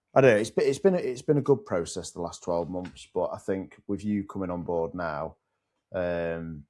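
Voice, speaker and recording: A man's voice: sits low, measured pace, pauses often, darkish tone. A man hosting a casual business podcast, easygoing and reflective, often hesitating mid-thought. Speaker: podcast host.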